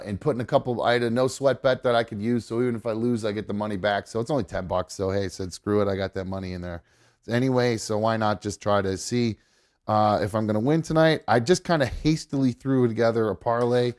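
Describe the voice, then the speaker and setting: A man hosting a live show, talking excitedly and casually, swearing and rambling with lots of fillers. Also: on the low side. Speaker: host. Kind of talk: live show chat about football. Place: home studio.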